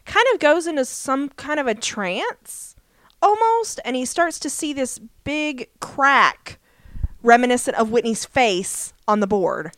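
A woman's voice: high-pitched, expressive, unhurried, a bit bright, no room sound. A woman co-hosting a podcast, casually recapping a TV episode in a chatty storytelling manner with lots of fillers. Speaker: podcast co-host.

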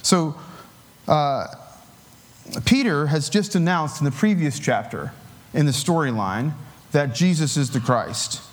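A man preaching a sermon in a relaxed, conversational way, with filler words and light chuckles. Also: on the high side, unhurried, pauses often.

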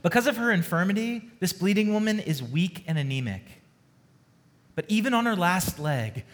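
Male pastor, sermon, earnest, storytelling, slightly high pitch. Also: expressive, moderate pace. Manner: earnest, storytelling, shifts between hushed and emphatic.

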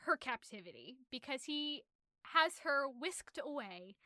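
A young woman casually retelling a novel's plot on a podcast, animated and rambling with many fillers. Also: high voice, measured pace, dry recording, studio quality. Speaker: podcast host.

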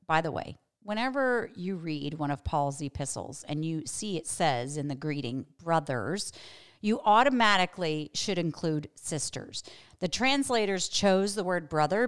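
Earnest female Bible teacher with a slightly low voice; conversational and emphatic, slows down to stress points. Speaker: Bible teacher and podcast host.

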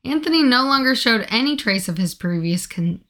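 A woman's voice: a little high, expressive, normal speed, fairly bright tone. A woman reading a story aloud with playful, casual asides. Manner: playful, laughing at the text. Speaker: story reader.

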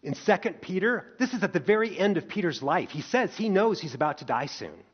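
A man preaching a sermon, telling the story in lively, expressive turns and asking the congregation rhetorical questions. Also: sits high, a little fast, husky. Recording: dull lo-fi recording.

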